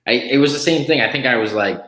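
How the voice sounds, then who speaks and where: A man who works as an ER nurse, speaking easygoingly as a guest and often answering with a quick yeah. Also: mid-range voice, a bit bright. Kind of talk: casual chat. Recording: echoey room.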